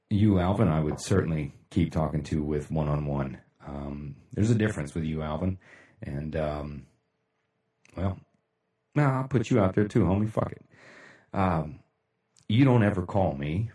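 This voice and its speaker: A man hosting a casual motivational livestream, talking bluntly with lots of swearing and shout-outs to viewers. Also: rumbling low, echoey room, far from the mic. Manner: blunt, profane, rambling, laughs often. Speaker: livestream host.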